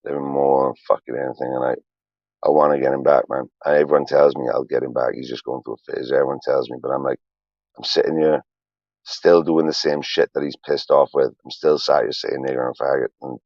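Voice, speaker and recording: A man's voice: rumbling low, level tone, fairly quick, gravelly, a little mellow, no room sound, dull audio. A man in his forties, a streamer, rambling on a livestream in a profane, emotional, confessional way.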